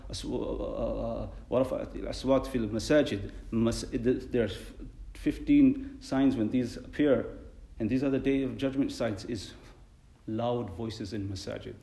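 A man's voice: medium pitch, gravelly, mellow, roomy sound. A man giving a sermon as an imam, telling stories earnestly and animatedly, mixing in Arabic phrases.

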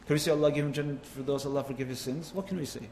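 A man's voice: mid-range voice, steady tone, very fast, a little mellow, slight background noise. A man preaching a sermon with impassioned, rising and falling delivery, mixing in Arabic phrases. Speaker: Islamic preacher. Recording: echoey hall, faint ambience.

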